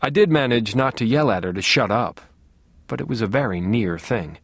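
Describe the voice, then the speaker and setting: A man's voice: mid-range voice, expressive, normal speed, slightly rough, dry recording. Dry, wry male audiobook narrator. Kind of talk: first-person audiobook narration.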